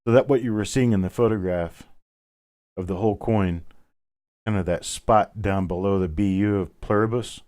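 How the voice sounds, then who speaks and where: A man with a lowish, slightly mellow voice hosts a live online coin auction at a moderate pace. He chats casually, calling out bids and greeting bidders by name.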